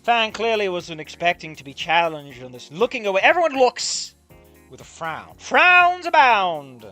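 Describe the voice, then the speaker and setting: Casting: ranting game streamer, lively swings in pitch, bright and sharp, swears a lot. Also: a little slow, soft background music. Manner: exasperated, profane, ranting critique. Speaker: streamer reading a game aloud. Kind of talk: game playthrough commentary.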